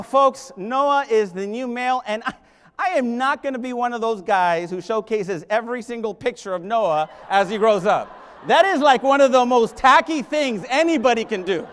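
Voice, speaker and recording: A middle-aged man delivers a comic keynote at a professional conference, bantering with the crowd and slipping into Spanish. His speaking voice sits very high for a man. The sound rings with the long reverb of a big hall. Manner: joking, addresses the crowd directly, switches into Spanish. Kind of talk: humorous conference keynote speech.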